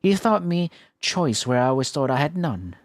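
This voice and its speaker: A man voicing a poised, dutiful teenage heiress, reading a game monologue slowly in a lowered voice. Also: very animated. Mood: tender.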